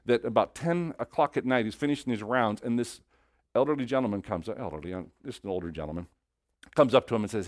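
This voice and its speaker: A man preaching a sermon, telling a story with animated swings between hushed and loud delivery. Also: mid-range voice, fast talker, no room sound, clean studio sound.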